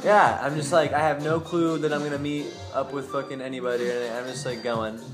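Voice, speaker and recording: Young man from Boise, mid-pitch, casual rambling storyteller, slangy and profane, music underneath. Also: level tone, fast. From Boise, Idaho. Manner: slangy and profane, loose run-on sentences. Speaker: vlogger telling a personal story.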